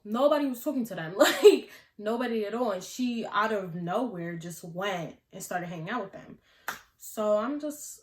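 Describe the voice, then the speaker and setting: A young woman vlogger telling a story in a casual, slangy way, filling her talk with "like". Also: mid-range voice. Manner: chatty, slangy, many "like" fillers. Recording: echoey room.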